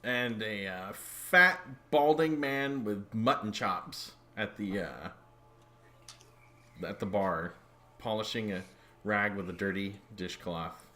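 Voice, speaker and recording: A man's voice: fairly low pitch, takes it slowly, pushed and bright, slight background noise. Rambling man running a tabletop game. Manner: loose, rambling, filler-heavy. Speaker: game master.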